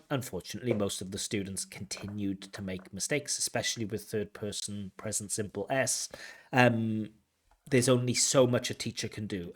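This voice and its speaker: A middle-aged man, an IELTS examiner, explaining a candidate's mistakes in a recorded speaking test review. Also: on the low side. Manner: explanatory, breaks off to analyse replies. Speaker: IELTS examiner giving feedback.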